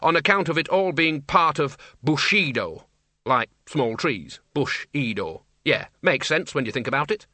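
A man's voice: on the high side, lively intonation, a little slow, sharp tone, dry recording, heavily acted. A man doing a swaggering, gung-ho wizard dean. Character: gung-ho, self-important male wizard dean.

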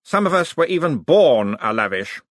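A man's voice: a little high, very animated, normal speed, fairly bright tone, dry recording, clean studio sound, voice pushed up. A man voicing a stiff, proud aristocratic man who speaks sternly and in clipped phrases, in an audiobook. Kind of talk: audiobook character voice.

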